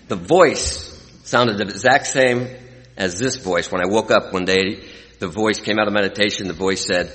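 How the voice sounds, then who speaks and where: A low-voiced, forceful middle-aged man from California tells his recovery story to a live audience. He is earnest and emotional, dropping to a hush and then lifting again. His voice rings with the long reverb of a large hall. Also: brisk. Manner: earnest, emotional, swings from hushed to lively. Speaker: recovery speaker. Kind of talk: personal testimony to an audience.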